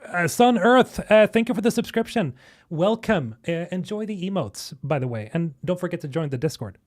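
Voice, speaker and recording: A young man from Sweden reacting to game trailers on a live stream, excitable and swearing, talking to chat. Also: high-pitched, normal speed. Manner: excitable, swearing, chatting with viewers. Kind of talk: casual live-stream commentary.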